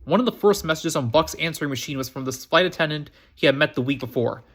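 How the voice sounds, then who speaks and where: A man reading a novel aloud on his own storytime channel, pitched a little high. He stumbles often, restarts words and repeats phrases as he goes. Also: expressive, quick pace, fairly bright tone. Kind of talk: amateur book reading.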